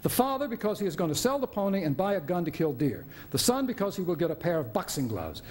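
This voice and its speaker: Brief: older man reading a sardonic writer-patient, wry, biting storyteller, voice sits a touch high. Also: sing-song, fast, a little mellow. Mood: storytelling. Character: sardonic middle-aged male writer, hospital patient. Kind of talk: dramatic reading of a play.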